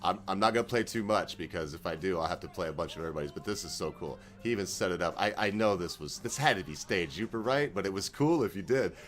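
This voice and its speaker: A man's voice: low voice, lively intonation, fast, few pauses, music in the background. A man hosting his own video channel, talking in a folksy, rambling monologue with chuckling asides. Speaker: channel host.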